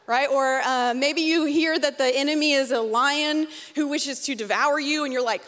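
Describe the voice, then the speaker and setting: A woman preaches at a youth conference, mixing humour and quick asides into her message. Her voice sits high and bright. The sound carries the long reverb of a large hall. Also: steady tone. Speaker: conference speaker. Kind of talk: youth sermon.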